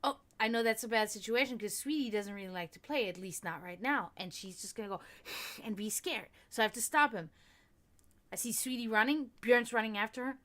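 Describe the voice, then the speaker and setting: A woman's voice: fairly high pitch, brisk. Chatty, foul-mouthed woman streamer. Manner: swears freely and laughs often while talking; chatty and excitable, greets viewers by name. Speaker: tarot reading streamer. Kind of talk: casual livestream chat with viewers.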